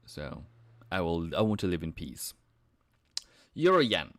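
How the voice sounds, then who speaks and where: A man's voice: sits low, big pitch swings. A man hosting a live trading stream, talking through charts and joking with his viewers. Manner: joking banter, drawn-out chart talk.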